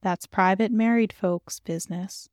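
A woman's voice: mid-range voice, steady tone, measured pace, a little mellow, dry recording, clean studio sound, lightly acted. A woman voicing a proper, guarded churchgoing mother who speaks in a curt, restrained way.

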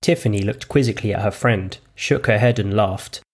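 A man's voice: on the low side, brisk, hardly any pauses. A man reading his own short story aloud in a dry, understated way.

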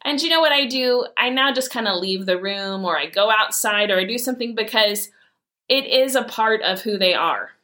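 A woman, telling heartfelt family stories in an earnest, animated way as a mother. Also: mid-range voice, normal speed. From Michigan, USA. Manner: earnest, heartfelt, animated retelling with quoted dialogue. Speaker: mother sharing a personal story. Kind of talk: personal storytelling talk.

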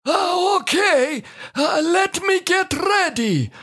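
A woman voicing halting husband Walter. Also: very high-pitched, lively intonation, fairly bright tone, heavily acted. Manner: halting with constant "uh" fillers, broken English. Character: bumbling married man, Walter, halting broken English. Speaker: co-host of a comedy show. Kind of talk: scripted comedy sketch.

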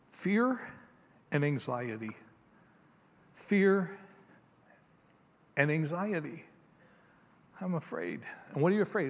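Male pastor, slightly high voice, conversational sermon, long hall reverb. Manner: conversational storytelling, swinging between emphatic and hushed.

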